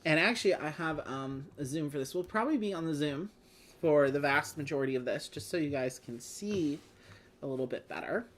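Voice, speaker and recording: A woman's voice: deep voice, lively intonation, a little fast. A woman hosting a live board game play-along, chatting casually and laughing often. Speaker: host.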